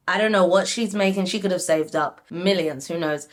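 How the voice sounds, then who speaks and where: A young woman casually reviewing a reality show, animated and talking straight to her viewers with lots of "like". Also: lowish voice, brisk, hardly any pauses. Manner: animated, frequent "like", addresses viewers. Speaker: reality TV recap YouTuber.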